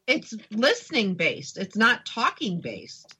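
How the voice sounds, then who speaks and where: A woman's voice: medium pitch, wildly swooping pitch, takes it slowly, pushed and bright, slightly rough, highs cut off. A woman hosting a radio talk show, agreeing with her guest and adding short affirming remarks. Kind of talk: radio interview conversation.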